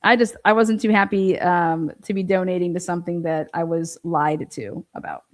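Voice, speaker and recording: A woman's voice: fairly low pitch, moderate pace. A woman giving an indignant, sarcastic commentary with lots of profanity. She reads court filings aloud and then rebuts them. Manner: mocks others in quoted voices. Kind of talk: ranting commentary on a court case.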